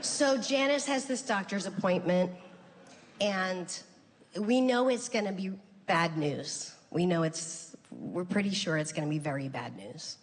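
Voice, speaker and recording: A middle-aged woman on a comedy stage in a large venue tells a family story in a loose, conversational way, using lots of "like," restarting often and acting out her relatives' voices. Her voice is lowish and a little slow, and the reverberant hall carries faint ambience.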